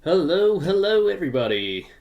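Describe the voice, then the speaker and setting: A man's voice: sits high, big pitch swings, moderate pace, dull audio. A man hosting a casual live podcast from his room at home, talking loosely and greeting viewers in the chat. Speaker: podcast host.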